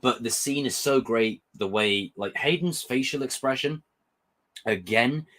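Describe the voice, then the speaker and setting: A young man hosting a casual livestream review, talking in an excitable, rambling way and swearing freely. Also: mid-range voice, measured pace, a little hiss or hum. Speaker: host.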